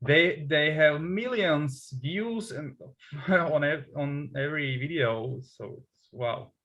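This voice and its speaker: Host: a man with a slightly high voice, slow and hesitant, casual interviewer. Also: fairly bright tone, rough recording. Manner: hesitant, many fillers and restarts, slow. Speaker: English tutor, interviewer. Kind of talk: casual conversation.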